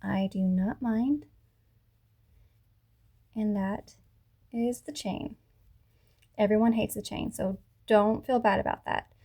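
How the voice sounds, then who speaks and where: A woman teaching a beginner crochet lesson, talking patiently through each step and slowing down to repeat the moves. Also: medium pitch, dark tone. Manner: patient, talks through each step slowly, self-correcting. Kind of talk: tutorial instruction. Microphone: camera mic.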